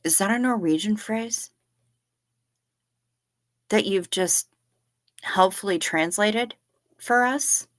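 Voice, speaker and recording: A woman's voice: mid-range voice, slow pace, pauses often. A woman hosting a live stream, chatting casually in a joking, profane way while reading viewer comments. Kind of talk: casual chat.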